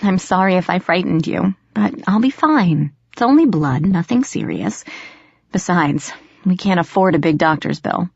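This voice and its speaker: Woman narrator voicing a dazed, injured mom, soft and gently insistent, lowish voice, muffled dry audio. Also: lively intonation, moderate pace, creaky, husky, no echo, exaggerated voice. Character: hurt, dazed mother brushing off worry.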